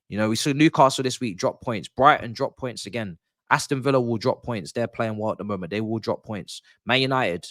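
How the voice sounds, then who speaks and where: A man's voice: medium pitch, a bit bright, no room sound. Guy breaking down football stuff, sure of himself, repeats himself for emphasis, dry close mic. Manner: confident, emphatic, repeats points. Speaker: football pundit guest. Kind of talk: casual podcast chat.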